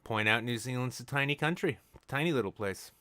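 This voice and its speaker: A male podcast host riffing absurd deadpan bits in easy casual chat. His pitch moves a lot as he jokes, and the sound is close and dry with no room. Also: brisk, no room sound.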